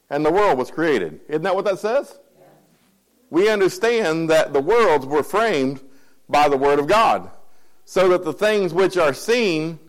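A man's voice: on the high side, poor audio. Man preaching with frequent check-ins. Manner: keeps checking in with the congregation; repeats and restarts phrases. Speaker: pastor. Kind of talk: conversational sermon.

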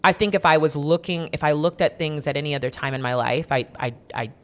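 Talking fast, a young woman speaks with candor in an easygoing chat, her voice distinctly low. Profanity comes freely, and she repeats words to hammer her points.

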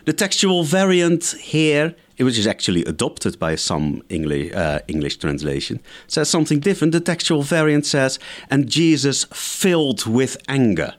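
A man's voice: on the high side, wildly swooping pitch, normal speed, few pauses. A man, a scholar guest in an interview, giving methodical explanatory answers point by point. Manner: lecturing, methodical, enumerates points.

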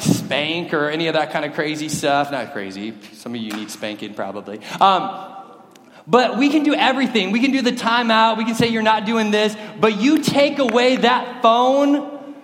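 A man's voice: high-pitched, a bit bright. A middle-aged man preaching a sermon to a congregation in a church sanctuary, talking in a conversational, joking way. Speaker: pastor. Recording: roomy hall with long reverb.

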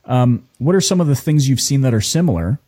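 A man's voice: mid-range voice, animated, brisk, dark tone, slightly rough. A Canadian man with a Canadian accent hosting a casual interview, playful and joking. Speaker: podcast host.

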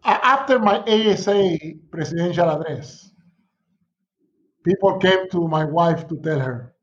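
Middle-aged professor, high voice, animated storyteller, dull lo-fi recording. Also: male voice, measured pace. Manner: animated storyteller, laughs often, acts out quotes. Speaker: sociology professor, guest. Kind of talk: casual conversation, storytelling.

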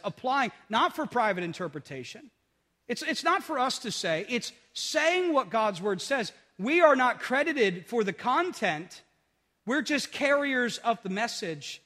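A man preaching a sermon, swinging between loud emphatic peaks and quiet drops, and repeating phrases for emphasis. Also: high voice. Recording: long reverb of a large hall.

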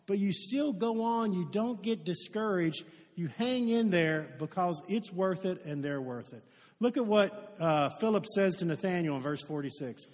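A pastor from Kentucky preaching a sermon, telling stories and acting out the dialogue in them. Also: male voice, high-pitched, normal speed, long reverb tail. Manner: lively storytelling, acts out quoted dialogue.

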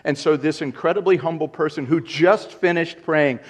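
A man's voice: on the high side, moderate pace. A man, a pastor, preaching an earnest sermon who repeats key points and rises in volume for emphasis.

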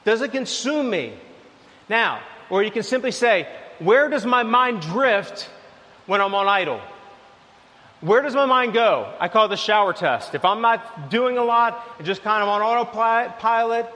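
Animated preacher in a reverberant hall. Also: male voice, a little slow. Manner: animated storytelling with sudden drops to soft, low lines. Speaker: pastor. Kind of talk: sermon.

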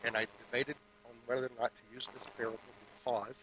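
A man minister giving a sermon that moves from a hushed guided meditation into lively storytelling. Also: mid-range voice, fast, lo-fi sound.

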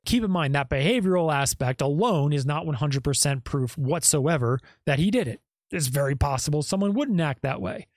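A man's voice: on the high side, no room sound. Guy ranting on his podcast, keeps going "okay? right?", dead dry sound. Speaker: podcast host. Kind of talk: casual commentary. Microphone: podcast microphone.

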